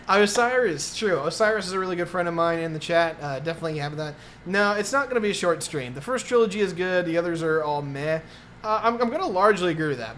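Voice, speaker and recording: A man's voice: high voice, fairly bright tone, a little hiss or hum. A man rambling through a casual live-stream review, with many fillers and restarts.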